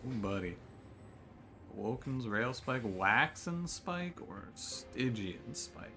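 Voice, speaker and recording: A man talks through a card game run in a relaxed, chatty way, with jokey, exasperated outbursts. His pitch swings widely from phrase to phrase. Game music plays clearly behind his voice. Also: slow pace. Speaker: gaming streamer. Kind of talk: casual gameplay commentary.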